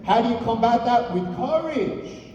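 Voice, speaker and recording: Male motivational speaker, high-voiced and mellow, animated, heard from far off in a big echoing hall. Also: moderate pace, highs cut off, slight background noise. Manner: animated, uses rhetorical questions. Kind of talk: storytelling speech to a live audience. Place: large hall on stage.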